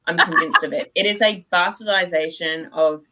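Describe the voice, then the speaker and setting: A woman from Australia with an Australian accent, chatting as a guest author in a casual interview, self-deprecating and quick to laugh. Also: fairly low pitch, bright, forceful tone, a little hiss or hum, poor audio.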